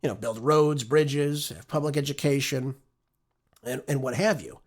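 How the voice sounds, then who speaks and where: A man's voice: medium pitch, measured pace. A man hosting a political talk show, delivering opinionated, conversational commentary and often tagging his points with "right?".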